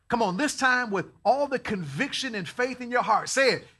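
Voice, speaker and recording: A man with a high, bright voice preaches a sermon. He swings his pitch widely, moving from folksy, relaxed storytelling to ringing calls for his listeners to answer him. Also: a little fast, breathy edge. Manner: folksy storytelling that builds to loud exhortation. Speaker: pastor.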